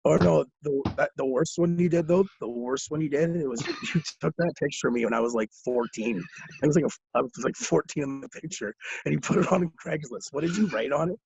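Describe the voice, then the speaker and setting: A man's voice: fairly high pitch, brisk, gravelly, slightly rough, dry recording. A young man from Ontario, a podcast guest telling profane, laughing stories in casual talk. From Ontario, Canada. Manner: profane, laughing, animated storyteller. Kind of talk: casual storytelling. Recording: dull lo-fi recording, dry.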